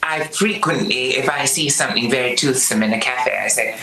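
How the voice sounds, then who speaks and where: A man's voice: mid-range voice, a little fast, sharp tone, roomy sound, low-quality recording. A British man talking as a TV guest, theatrical and savouring ornate words. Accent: British English. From Britain. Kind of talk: TV interview, remote link.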